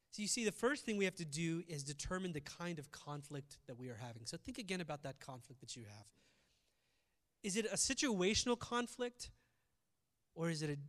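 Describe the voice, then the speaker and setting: A male pastor giving a conversational sermon, shifting between loud emphasis and quiet reflective asides. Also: on the high side, big-room sound.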